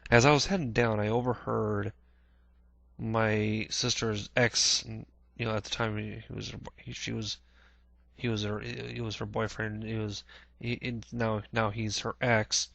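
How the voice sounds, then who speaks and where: A man vlogging a casual personal recollection, halting with many restarts, clearing his throat often and swearing casually. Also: fairly low pitch, little pitch movement, a bit bright, dry recording. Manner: plain-spoken, swears casually.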